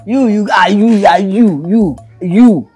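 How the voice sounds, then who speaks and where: A man's voice: high voice, slow, mellow, soft background music. A man with a Nigerian accent playing a young boyfriend who plots a prank and then accuses his girlfriend dramatically in a comedy skit. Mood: accusing. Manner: mock-accusing, dramatic, repetitive.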